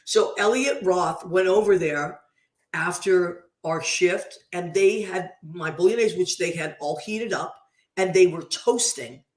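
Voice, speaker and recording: A woman hosting a radio show, chatting casually and effusively as she gives listeners shout-outs. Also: lowish voice, a little slow, reverberant.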